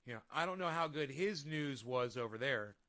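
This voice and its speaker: Man, casual home stream, rambling, swearing, heated rants, bright tense voice. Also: medium pitch, expressive, normal speed. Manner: rambling, profane, heated ranting. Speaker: vlogger. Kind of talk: casual live-stream chat. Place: home room with a desk. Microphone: desk microphone.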